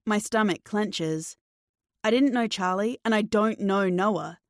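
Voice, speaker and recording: A woman narrating a first-person thriller audiobook in a slow, measured, tense way. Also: mid-range voice, dry recording, studio quality.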